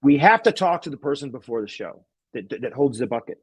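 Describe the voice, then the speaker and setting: A man's voice: mid-range voice, animated, fast, slightly rough, no room sound. A man, a guest magician, telling a rambling anecdote in casual chat, laughing often and restarting sentences.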